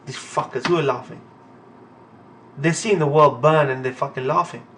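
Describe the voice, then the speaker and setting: A young man reading a manga aloud and reacting in a casual, profane, excitable way. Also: on the high side, moderate pace, distant mic, slight background noise.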